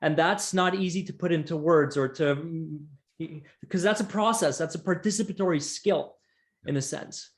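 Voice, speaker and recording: A psychotherapist taking part in an academic discussion, explaining ideas in halting bursts with many restarts and tag questions. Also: male voice, on the high side. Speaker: psychotherapist guest.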